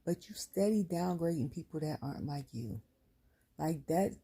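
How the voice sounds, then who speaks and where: A woman with a low voice that is dark and husky, with a gravelly edge. She reviews a wrestling show in a blunt, animated rant full of casual slang. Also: moderate pace. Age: adult with a son. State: near tears. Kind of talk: casual ranting commentary.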